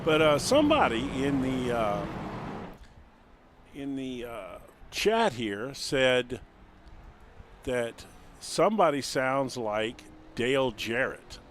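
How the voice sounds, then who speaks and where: A man's voice: mid-range voice, sing-song, slow pace, pauses often, a bit bright. Middle-aged guy on color commentary, rambly and laid back, lots of you knows, hissy noisy recording. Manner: rambling, easygoing, many fillers. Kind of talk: sim racing color commentary.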